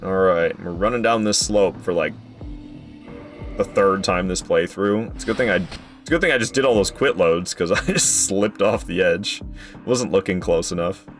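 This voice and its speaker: A man's voice: sits low, moderate pace, fairly bright tone, soft background music. A young man streamer chatting through live gameplay, frustrated and swearing, talking to his chat. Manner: talks to chat.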